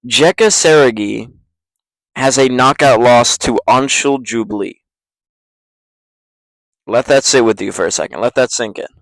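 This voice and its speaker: A man's voice: medium pitch, unhurried, long pauses, a bit bright, no room sound, poor audio. Blunt, ranting MMA-channel guy. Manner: ranting, blunt, swears freely. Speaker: MMA YouTuber. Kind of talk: casual fight predictions.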